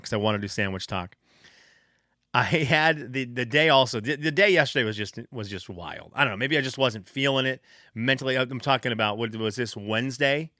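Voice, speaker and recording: A man's voice: medium pitch, no echo, clean studio sound. A man, hosting a casual solo podcast and telling stories animatedly, acting out what his kids say. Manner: animated storytelling, acts out quotes of his kids. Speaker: podcast host.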